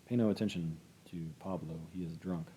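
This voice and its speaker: Rough hothead read by a man, loud, low and husky. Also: normal speed, rough recording. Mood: angry. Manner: loud, cursing. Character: hot-tempered rough man.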